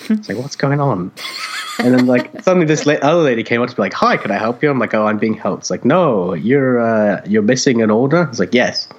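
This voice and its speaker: A man co-hosting a podcast, telling a story in casual chat, animated and swearing freely as he acts out other people's voices. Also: medium pitch, a little fast, dull audio, slight background noise. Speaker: podcast co-host.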